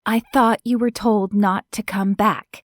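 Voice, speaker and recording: Heroine: woman reading a resolute single mom, firm and edged, slow and dry. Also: mid-range voice, steady tone, no room sound, close to an everyday voice. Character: determined single mother, young woman.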